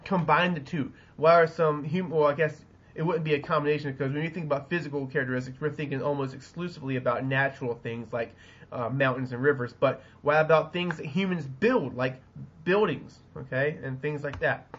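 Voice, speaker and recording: A man's voice: a little high, fairly even intonation, fairly quick, fairly bright tone, husky, dull audio. A man with a Southern US accent giving a recorded geography lesson, rambling with lots of ums and restarts. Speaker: teacher. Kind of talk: recorded classroom lecture. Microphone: webcam.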